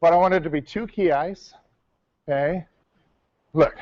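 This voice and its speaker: A man's voice: fairly high pitch, unhurried, a little mellow, muffled recording. A male martial arts instructor teaching a class, calling out counts and coaching his students. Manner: barks counts, coaching and correcting.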